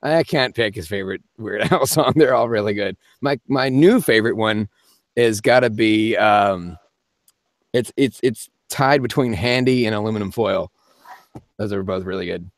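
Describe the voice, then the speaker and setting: A man's voice: fairly low pitch, normal speed, dry recording. A man hosting a live-stream Q&A as a voice actor, chatting casually and rambling with frequent laughs. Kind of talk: casual live-stream chat answering viewer comments.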